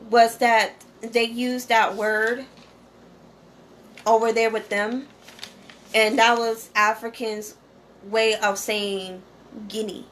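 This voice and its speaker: A woman's voice: on the high side, a bit bright, a little hiss or hum. A woman, talking casually and directly to her viewers, often checking in with "okay?". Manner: conversational, repeats "okay?" and "you know". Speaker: channel host.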